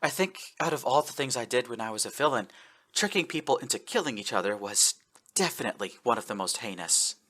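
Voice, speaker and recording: A man's voice: mid-range voice, expressive, a little fast, bright, forceful tone. A man voicing a reformed female former villain, rueful and self-critical.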